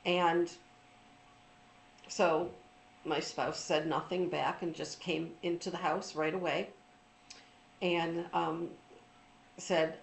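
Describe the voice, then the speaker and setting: A middle-aged woman telling a personal story in an informal, reflective talk, pausing often with ums and restarts. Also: lowish voice, flat delivery, vocal fry, echoey room, a little hiss or hum, low-quality recording. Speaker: trauma recovery speaker.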